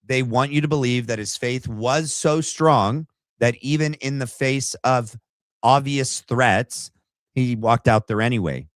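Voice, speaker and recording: Guy hosting a livestream, opinionated and chatty, mid pitch, dry close sound. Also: unhurried, no echo. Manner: opinionated and conversational, thinks aloud. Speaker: podcast host. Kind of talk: livestream commentary reading viewer chat.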